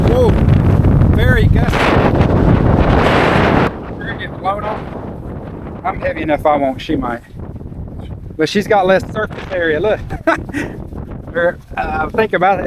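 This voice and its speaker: A man in his forties chatting casually to viewers on a handheld camera as he hikes a windy hilltop trail above a cove. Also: on the high side. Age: 40s. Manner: chatty, addresses viewers while hiking. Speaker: travel vlogger. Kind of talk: casual vlog chat to camera. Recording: outdoor wind noise on the mic. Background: gusting wind.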